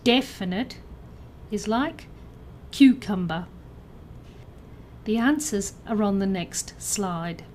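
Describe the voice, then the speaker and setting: A woman narrating a scripted pronunciation lesson, enunciating each example word clearly and carefully. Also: mid-range voice, expressive, slow, hardly any pauses, a little mellow, a little hiss or hum. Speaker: pronunciation teacher.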